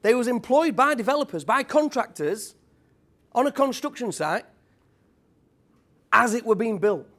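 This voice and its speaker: A high-voiced British man speaks at a property event, giving an energetic motivational talk to a live audience. He quizzes the crowd in blunt tradesman language, keeping a measured pace with long pauses.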